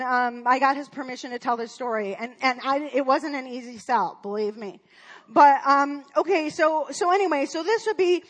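A woman in her forties, speaking at a church, tells a personal story in a high, slightly bright voice. She's chatty and rambling, full of fillers and restarts.

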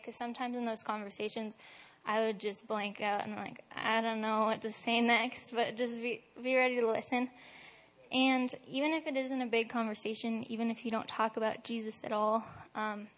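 A young woman with a slightly high voice shares a personal testimony in church. She speaks quietly and reflectively, in a reserved, unhurried way. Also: fairly even intonation. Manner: soft-spoken, reflective, reserved.

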